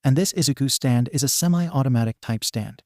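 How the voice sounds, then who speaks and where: A man's voice: medium pitch, a little fast, a little mellow, no room sound, clean studio sound, lightly acted. A man reading as a lecturing self-styled god. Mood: explaining. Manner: lecturing, matter-of-fact. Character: self-proclaimed male god explaining rules.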